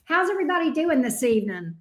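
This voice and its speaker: A woman's voice: high-pitched, very animated, fast. A middle-aged woman with a Southern US accent, chatting casually and greeting viewers by name as she hosts a live tarot stream. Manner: bubbly, greets viewers by name one after another.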